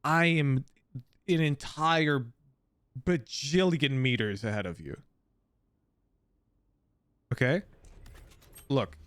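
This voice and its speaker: A man's voice: mid-range voice, expressive, slow pace, long pauses, fairly bright tone, clean tone, dry recording, clean studio sound. A man coaching a player through a gameplay review, emphatic and blunt, repeating his key points. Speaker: game coach.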